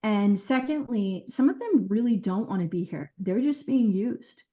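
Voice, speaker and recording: A woman who was a caseworker, telling her experiences in an interview in an earnest, animated way with quoted dialogue. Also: medium pitch, measured pace. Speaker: former caseworker. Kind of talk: recounting stories in an interview. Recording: dull lo-fi sound.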